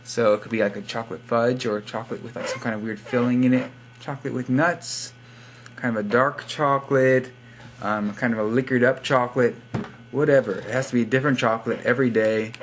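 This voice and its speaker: A young YouTube vlogger sits at his computer in a room at home, giving shoutouts in a rambling, casual monologue full of silly jokes and the odd put-on accent. His medium-pitched voice is steady and fairly quick, with slight background noise.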